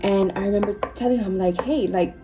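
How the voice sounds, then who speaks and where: Over a noisy background, a young woman who makes beauty videos speaks briskly at medium pitch. She chats casually about her life as she applies makeup, her speech packed with "you guys" and "like."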